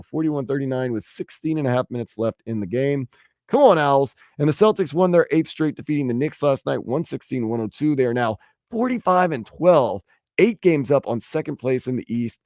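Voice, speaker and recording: A man hosting sports talk radio, bantering and joking in a lively way. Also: mid-range voice, no room sound, studio quality. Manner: animated, jokey, puts on silly voices for stories. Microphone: studio microphone.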